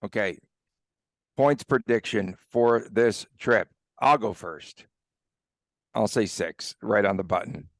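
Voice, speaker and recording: A man's voice: lowish voice, slow pace, pauses often, no room sound, studio quality. A man hosting a sports podcast, chatting casually and laughing often as he teases his co-host. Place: Las Vegas.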